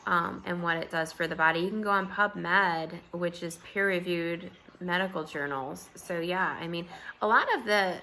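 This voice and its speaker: Gravelly just-woken woman chatting casually. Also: on the low side, normal speed, slight background noise. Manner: relaxed, rambling, many fillers and soft laughs. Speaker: vlogger. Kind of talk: casual morning chat to camera.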